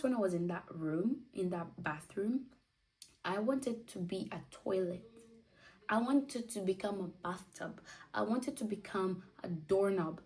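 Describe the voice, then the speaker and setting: A woman's voice: mid-range voice, distant mic. Young woman telling a story animatedly. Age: 20s. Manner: animated, acts out quotes, drops to whispers. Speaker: vlogger. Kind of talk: casual storytelling.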